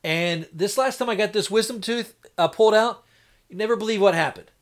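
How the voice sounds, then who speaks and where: A fairly high-voiced man talks on a casual live stream. He rambles in a folksy way and slips into quoted voices when he retells a doctor visit. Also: a little fast. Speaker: homestead livestreamer.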